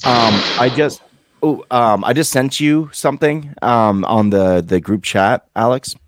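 A man's voice: medium pitch, unhurried, no echo. A man co-hosting a podcast, talking loosely with lots of fillers and "dude". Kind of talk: casual podcast chat.

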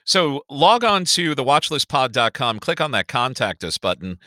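A middle-aged man co-hosting a podcast in casual chat, animated and swearing freely. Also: moderate pace, dry recording, clean studio sound. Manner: animated, swears freely, lively swings in pitch. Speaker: podcast co-host.

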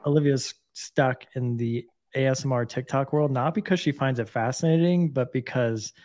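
A man's voice: mid-range voice, moderate pace, darkish tone. A man co-hosting a podcast, chatting casually and teasing his co-host in a dry way. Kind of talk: casual chat. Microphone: podcast microphone.

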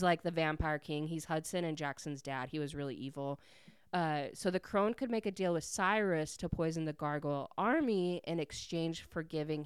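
Chatty woman recapping a book, low voice. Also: smooth, no echo. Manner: chatty, filler-heavy "like" talk. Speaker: podcast host.

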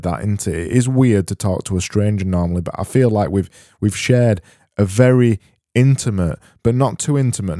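A man hosts a solo comedy podcast in a low, mellow voice, rambling in a deadpan way and tripping over his own restarts. The sound is close and dry with no room in it. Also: no echo. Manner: rambling, self-interrupting, deadpan. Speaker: podcast host.

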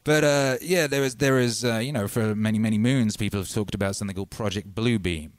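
A man hosting a casual livestream, talking animatedly and swinging from loud shouts to low mutters. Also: quick pace, no room sound. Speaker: livestream host and musician.

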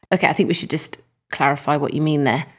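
A woman co-hosting a podcast in casual chat, animated and quick to laugh. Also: deep voice, breathy edge. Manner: chatty, laughs easily, animated. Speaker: podcast co-host.

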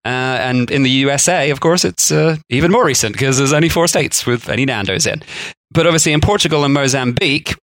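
A man's voice: mid-range voice, fairly quick, fairly bright tone, no room sound. Male podcast co-host, casual and rambling, dry close recording. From England. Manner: chatty, laughs often, rambling asides. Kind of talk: casual chat.

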